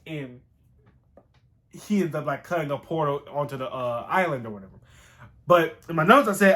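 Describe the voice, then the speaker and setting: A man casually rambling through a show recap, excitable and slangy, with some swearing. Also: on the high side, normal speed, pauses often.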